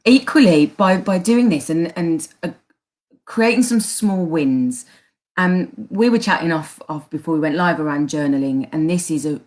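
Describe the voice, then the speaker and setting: In a live online chat, a woman with a Birmingham accent acts as a coach, offering encouraging advice casually and often restarting her phrases. Her voice is low with a darkish tone.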